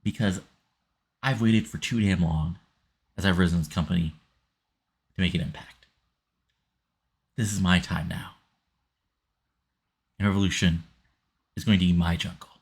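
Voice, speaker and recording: A man's voice: sits low, fairly even intonation, unhurried, vocal fry, long pauses, breathy edge, full character voice. A man voicing an intense, boastful male wrestler making threats. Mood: menacing.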